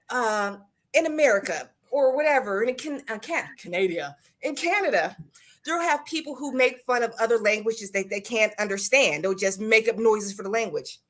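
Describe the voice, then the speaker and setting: A middle-aged woman guest in a casual live chat, telling stories in an animated, playful way. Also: fairly high pitch.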